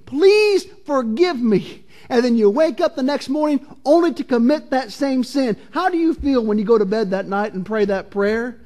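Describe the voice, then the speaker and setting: Guy with a really high voice preaching, slow earnest scripture reading, keeps asking the church questions. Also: dark tone. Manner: asks the congregation searching questions. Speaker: pastor. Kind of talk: sermon.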